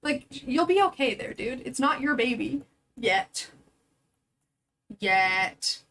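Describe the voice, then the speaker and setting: Young woman streamer, high voice, chatty and giggly, casual game commentary. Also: animated, slow, a bit bright, rough recording. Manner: chatty, giggly, talking to chat.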